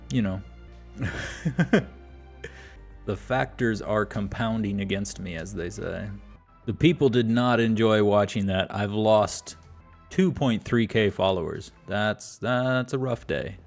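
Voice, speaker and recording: Gravelly-voiced man commentating his own gameplay. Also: fairly low pitch. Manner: self-deprecating, exasperated play-by-play. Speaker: gaming YouTuber. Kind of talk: let's-play commentary.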